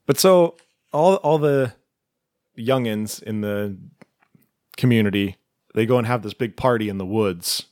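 A man's voice: on the low side, darkish tone, no room sound, clean studio sound. A man co-hosting a podcast, casually recapping a movie plot in a laid-back way. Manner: laid-back, retells scenes with quick put-on quotes. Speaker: podcast co-host. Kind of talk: casual movie review chat.

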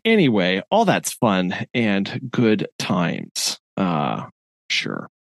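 Man, middle-aged, podcast co-host, animated storytelling, laughs a lot, dry close sound. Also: deep voice, very slow, gravelly, no room sound. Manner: laughing often while telling a story. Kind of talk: casual storytelling chat.

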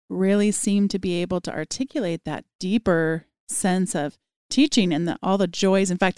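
A woman hosting a podcast, telling stories in a lively conversational way with frequent laughter. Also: lowish voice, clear, resonant tone, dry recording, clean studio sound. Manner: animated storytelling with frequent laughs. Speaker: podcast host.

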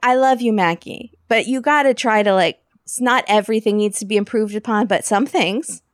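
A woman's voice: on the high side, normal speed, no echo, studio quality. A woman co-hosting a podcast, casually recapping a TV episode with jokes and laughter. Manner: chatty, jokey, laughs often. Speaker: podcast co-host.

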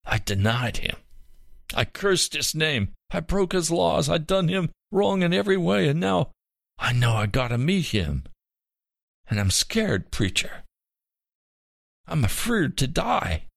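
A man voicing a dying old mountaineer, godless and frightened, who wheezes and gasps in rough country talk. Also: on the low side, unhurried, no room sound, studio quality.

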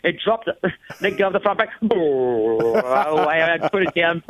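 A man's voice: on the high side, measured pace, crowd noise. A man as an interview guest, telling stories casually and animatedly, acting out other people's lines with lots of fillers. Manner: animated, acts out quoted voices, frequent fillers. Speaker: guest, off-road racing champion. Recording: tinny phone-like dry line.

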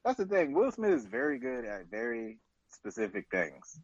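A man's voice: mid-range voice, huge pitch swings, normal speed, no echo, lo-fi sound. A man co-hosting a casual chat, laid-back, with blunt asides.

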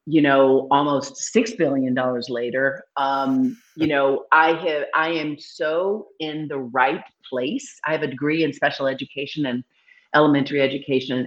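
A middle-aged woman from Nashville with a slight Southern accent, chatting casually as an interview guest and acting out quotes in animated voices. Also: sits low, dull audio. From Nashville, Tennessee. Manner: lively storyteller, acts out quotes with animated voices. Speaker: real estate broker guest.

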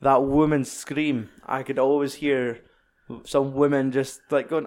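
A Scottish man in relaxed film chat, mid-pitched and easygoing. He swears freely and keeps slipping into jokey acted-out bits of dialogue. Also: a little slow. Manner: sweary, jokey, acts out film lines in other voices. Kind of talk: casual chat about films.

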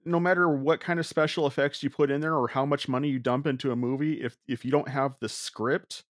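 A man's voice: mid-range voice, fairly even intonation, no room sound, studio quality. A man co-hosting a casual movie review podcast, talking candidly with frequent restarts. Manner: halting, lots of restarts and fillers, candid. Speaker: podcast co-host.

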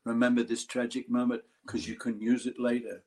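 An older Australian actor telling a lively story in an interview, acting out other people's voices. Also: male voice, medium pitch, fairly quick. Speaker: actor guest. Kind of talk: interview anecdote.

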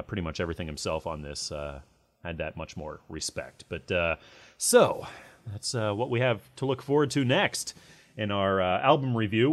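A man hosting a metal podcast, chatting casually with lots of fillers and restarts. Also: fairly low pitch. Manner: rambling, many fillers. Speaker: podcast host.

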